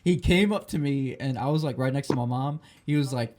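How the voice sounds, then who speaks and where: A man's voice: mid-range voice, fairly quick, darkish tone, a little hiss or hum. A drunk man telling a story as a podcast host, rambling, swearing and restarting often.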